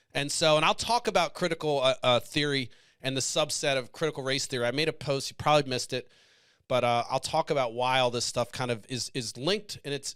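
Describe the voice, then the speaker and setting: A man with a slightly higher voice, talking in a loose, heated commentary style. He swears freely and circles back on his points as his feelings run high. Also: a bit bright. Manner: passionate, profane, emotional. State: choked up. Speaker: podcast host. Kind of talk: casual commentary.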